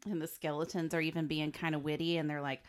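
A woman's voice: low voice, level tone, quick pace. A woman co-hosting a podcast, chatting casually about a movie, laughing along and adding short asides. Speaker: podcast co-host. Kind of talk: casual movie recap chat.

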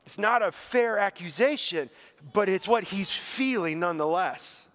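A man preaches a sermon in an animated, unhurried voice, sounding conversational and earnest. He uses "like" heavily as a filler while paraphrasing a psalm aloud, and his voice drops low and soft toward the end.

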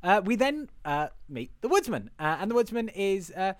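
A man's voice: high-pitched, big pitch swings, moderate pace, dry recording. Rambling man on a dry mic. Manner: rambling, with many fillers, swears and laughs. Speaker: podcast host. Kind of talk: casual chat reviewing a film.

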